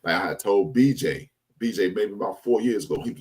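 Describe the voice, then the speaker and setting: Husky laid-back man telling stories. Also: lowish voice, brisk, few pauses. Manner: laid-back storytelling with slang, animated when making a point. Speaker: podcast co-host. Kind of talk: casual chat.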